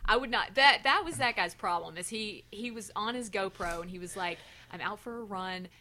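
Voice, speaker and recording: A woman co-hosting a podcast, chatting casually and telling stories with lively, animated delivery and frequent swearing. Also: medium pitch, fairly quick. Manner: animated storyteller, swears freely, laughs often. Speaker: podcast co-host. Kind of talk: casual chat.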